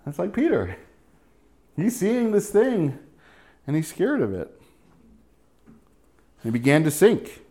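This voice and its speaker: A man's voice: high voice, huge pitch swings, slow, long pauses, warm tone. A middle-aged man preaching a sermon as pastor, in a casual, joking way, often checking in with "right?".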